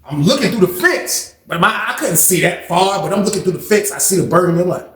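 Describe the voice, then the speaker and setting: A young man casually retelling a story in a slangy, profane, animated way. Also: high-pitched, a little fast. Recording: roomy echo.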